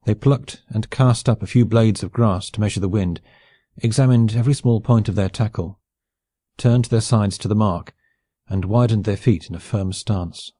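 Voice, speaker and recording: Male audiobook narrator, measured storytelling, mellow tone, dry close recording. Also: on the low side, no echo. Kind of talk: scripted narration of a classic novel.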